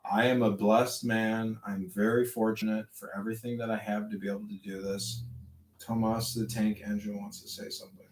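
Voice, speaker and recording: A man's voice: lowish voice, normal speed, a little hiss or hum. Preachy rambling man, echoey and distant. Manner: preachy, rambling, swings between calm and fervent. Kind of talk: rambling spiritual chat. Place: online audio chat room. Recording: echoey, distant audio-room capture.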